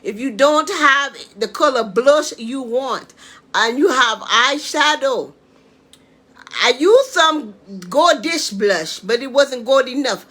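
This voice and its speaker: A woman's voice: high-pitched, expressive, slow, sharp tone. A woman hosting her own home cooking live stream, chatting casually and often checking in with "okay?". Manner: chatty, tags lines with "okay?". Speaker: home cooking show host.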